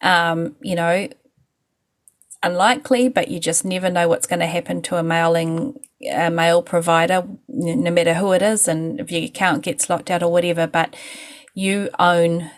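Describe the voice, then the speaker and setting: A woman's voice: fairly low pitch, fairly even intonation, moderate pace. A woman co-hosting a podcast, giving firm, practical, step-by-step advice in casual chat. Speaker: podcast co-host.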